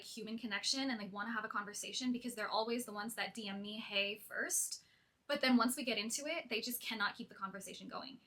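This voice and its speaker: A woman's voice: fairly high pitch, sharp tone. A young woman in a clip, casually explaining to the camera with many "like" fillers. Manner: chatty, filler-heavy with "like". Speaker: content creator in a clip.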